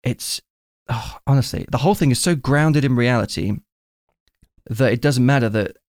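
A man's voice: medium pitch, moderate pace, a little mellow, no echo, clean studio sound. A man hosting a casual film chat, enthusiastically retelling scenes at length.

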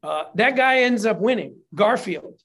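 This is a casual, chatty storyteller who swears freely and throws energy into every beat of the tale. The pitch sits in a middle register. At times the telling turns openly emotional. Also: a little slow, husky. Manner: animated, profane retelling of a history story; gets emotional while telling it. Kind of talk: casual chat.

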